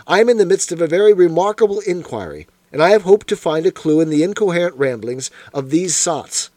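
A man reading aloud and voicing a sharp, masterful detective who speaks in a crisp, precise, commanding manner. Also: a little high, dry recording. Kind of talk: audiobook character voice.

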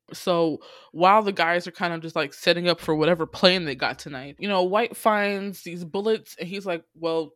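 A woman in casual chat, excitedly recapping a drama episode, quoting the characters and swearing freely as she laughs. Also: lowish voice, no echo, studio quality. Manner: animated storytelling, quotes characters, laughs often, swears freely. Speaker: podcast co-host recapping a drama.

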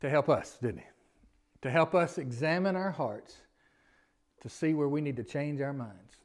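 Folksy pastor preaching a sermon. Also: male voice, on the high side, lively intonation, moderate pace, pauses often. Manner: folksy, chuckles often, asks the congregation questions. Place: church sanctuary.

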